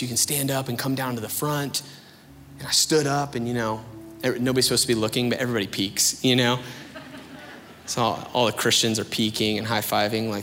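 Man preaching a story in a reverberant hall. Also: medium pitch. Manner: conversational, animated storytelling with many fillers. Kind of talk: sermon with personal testimony.

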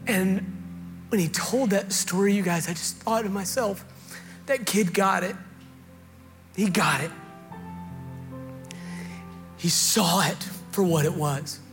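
A pastor preaching a sermon in a slightly high voice, telling stories in a relaxed, joking way with plenty of ums and restarts. A long reverb rings around him, and soft music plays underneath. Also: male voice, takes it slowly, long pauses. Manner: conversational storytelling, joking, with fillers.

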